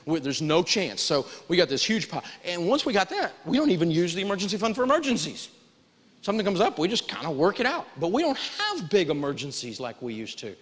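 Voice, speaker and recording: Folksy man teaching in a reverberant hall. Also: a little high. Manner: folksy, animated, audience call-and-response. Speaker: personal finance teacher. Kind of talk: live seminar lesson.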